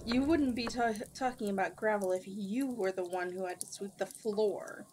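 A sensible young princess who answers everything in a wry, matter-of-fact tone, as a woman reading a storybook puts her on. Her voice sits at a middle pitch, and faint noise runs under the reading. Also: normal speed, darkish tone, close to an everyday voice. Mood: dry. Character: dry, practical young princess, level-headed.

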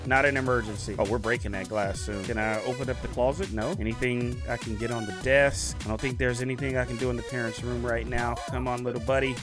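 A man's voice: mid-range voice, fast, hardly any pauses. A young man giving casual let's-play commentary, reading game prompts aloud and yelping at the game. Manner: excitable, reads game prompts aloud, yelps and whines at the game. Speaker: gaming YouTuber. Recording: gameplay commentary over loud game music.

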